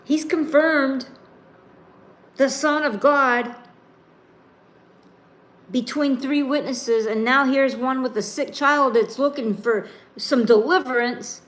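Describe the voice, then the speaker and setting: A woman preaching a sermon, reading scripture and then explaining it in a slow, emphatic, informal way. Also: high voice, a bit bright.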